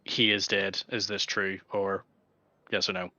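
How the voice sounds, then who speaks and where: A man's voice: low voice, little pitch movement, unhurried, pushed and bright, dry recording. A man playing in a tabletop game, chatting casually and playfully. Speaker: player. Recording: dull lo-fi, dry sound.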